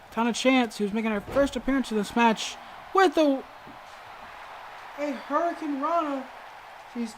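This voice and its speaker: A woman commenting play by play on a wrestling video game, calling the moves with sudden excited exclamations and frequent hesitant fillers and self-corrections. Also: on the high side, a little hiss or hum. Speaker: gaming video host.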